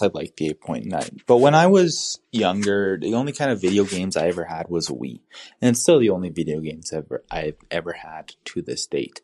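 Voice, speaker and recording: Very deep-voiced man rambling in a voicemail. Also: a little mellow. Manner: rambling, conversational storytelling. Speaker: voicemail caller.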